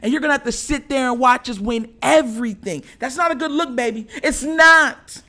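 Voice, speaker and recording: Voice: high-pitched, normal speed, bright, forceful tone. Casual sports rant, slangy trash talk, laughs a lot, faint music underneath. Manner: trash-talking, slangy, laughs often between lines. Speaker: sports show host.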